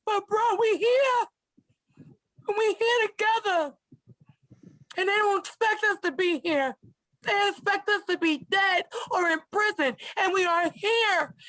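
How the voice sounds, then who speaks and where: A woman's voice: very high voice, no room sound, rough recording. A woman in her forties, an advocate and organizer, speaking with fiery passion through tears. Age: 40s. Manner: fiery, impassioned, shouting out. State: crying. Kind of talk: emotional podcast testimony.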